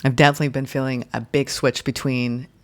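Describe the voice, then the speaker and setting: A woman giving a guided tarot and astrology reading in a gentle, soothing way, speaking in slow, deliberate phrases. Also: extremely low pitch, flat delivery. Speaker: tarot reader.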